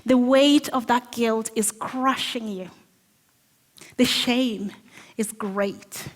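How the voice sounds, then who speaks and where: A woman preaching a sermon in a church hall, earnest and measured, slowing down on the phrases she wants to stress. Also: a little high. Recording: long reverb of a hall.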